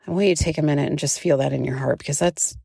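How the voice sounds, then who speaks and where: Chatty young woman podcaster w/ a low kinda gravelly voice, lots of likes, swears a bit. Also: fairly even intonation, very fast, warm tone, no room sound, clean studio sound. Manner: chatty, swears freely, many filler likes. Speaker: podcast host. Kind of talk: casual spiritual podcast monologue.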